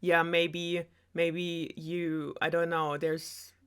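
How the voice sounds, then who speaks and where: A woman's voice: on the low side, level tone, very slow, clean tone. A woman with a German accent voicing a smitten young prince in an offhand, casual way, close to her own voice.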